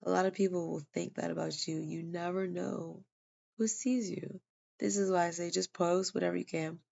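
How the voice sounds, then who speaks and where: A woman tells a personal story in a loose, rambling way, stopping often on fillers and restarts. She is tired and yawning, and her voice is strongly gravelly with constant fry. The recording is dull and lo-fi. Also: lowish voice, fairly even intonation, moderate pace, mellow. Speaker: vlogger sharing a personal testimony.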